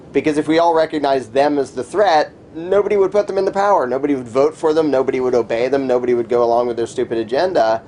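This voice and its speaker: A man's voice: a little high, a little mellow, a little hiss or hum. A man speaking as a guest in a conversational interview, talking emphatically and scornfully, sometimes mimicking the people he criticizes. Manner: emphatic, scornful, mocks opponents' voices.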